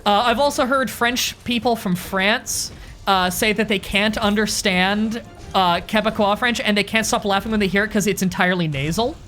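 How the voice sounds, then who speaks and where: A woman's voice: mid-range voice, normal speed, a bit bright, soft background music. A woman streamer chatting casually while gaming with friends, a rambling storyteller who swears freely. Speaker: streamer playing a hunting game with friends.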